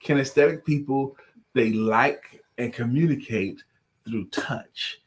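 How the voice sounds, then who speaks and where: A man's voice: medium pitch, slow, breathy edge. A man co-hosting a talk show, explaining communication styles in a coaching manner and prompting his partner. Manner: coaching tone, explains and prompts, calls people baby. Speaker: co-host, coach. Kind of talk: casual conversational talk.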